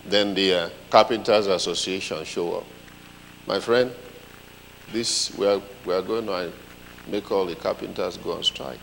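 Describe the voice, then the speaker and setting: A man preaching a sermon, telling a story with lively comic voices. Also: deep voice, measured pace, creaky, in a large hall, a little hiss or hum, low-quality recording.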